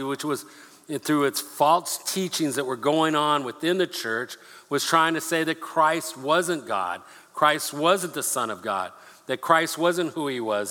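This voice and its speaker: A man preaching a sermon, earnest and repeating himself, slowing down to read scripture aloud. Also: on the high side, sharp tone. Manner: earnest, repeats words, slows for scripture reading. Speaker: pastor. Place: church sanctuary. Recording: long hall reverb.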